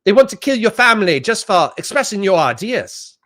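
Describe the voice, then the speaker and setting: A man mocking a ranting commentator in a put-on Australian accent, pitched high and overwrought. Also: big pitch swings, brisk, a bit bright. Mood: alarmist.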